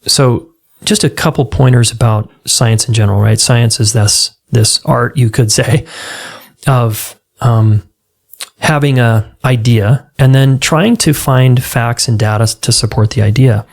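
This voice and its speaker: A man's voice: medium pitch, measured pace, gravelly. A man hosting his own podcast as a relationship coach, talking earnestly and conversationally and acting out exchanges with clients. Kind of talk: solo podcast talk.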